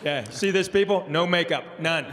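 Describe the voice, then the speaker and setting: A man in his sixties from East Tennessee, USA, is a comedian guest in a casual interview, telling funny stories as a joking, animated storyteller. His voice is on the high side at a moderate pace, recorded in a big room with a little hiss or hum.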